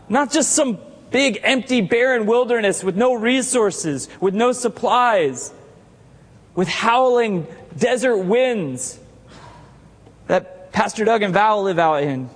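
High-voiced preaching man in reverberant hall. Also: animated, slow. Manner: joking, teases congregation members by name; builds to emphatic shouted declarations. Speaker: pastor. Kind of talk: sermon. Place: church sanctuary with congregation.

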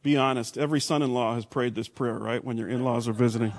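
A middle-aged man from Texas, preaching a sermon with big swings from loud to hushed. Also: medium pitch, fairly even intonation, quick pace, hardly any pauses. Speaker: pastor.

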